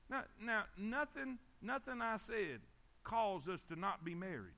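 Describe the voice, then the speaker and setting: A man preaching a sermon. His voice is high and bright. He repeats himself for emphasis and keeps asking the congregation for an amen. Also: big pitch swings, a little slow, creaky. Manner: emphatic, repetitive, calls for amens. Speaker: pastor.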